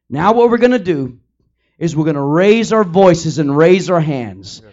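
A man's voice: a little high, animated, measured pace, a little mellow. A male pastor leading his congregation in fervent, repetitive pleading prayer. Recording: dull lo-fi recording with faint music.

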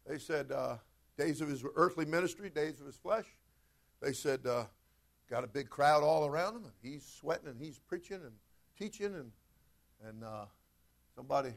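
High-voiced preacher man, fervent sermon. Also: creaky. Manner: fervent, conversational preaching with repeated asides to the congregation. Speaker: pastor.

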